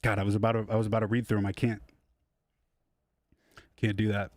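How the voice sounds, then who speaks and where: A young man talks casually on a live stream from his home studio, rambling and swearing freely. He pokes fun at himself as he goes. His voice sits a little low and sounds dry and close. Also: level tone, fairly quick, a little mellow, dry recording. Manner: rambling, profane, self-deprecating. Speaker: music producer streaming live.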